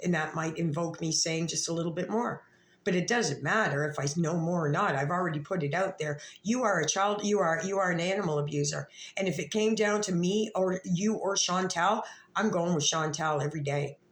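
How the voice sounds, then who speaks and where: A woman with a lowish voice rambles through a profane, confrontational vlog rant. Her words bounce around an echoey room, and she talks with blunt, jumping thoughts. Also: a little fast. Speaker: vlogger. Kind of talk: rambling direct-to-camera rant.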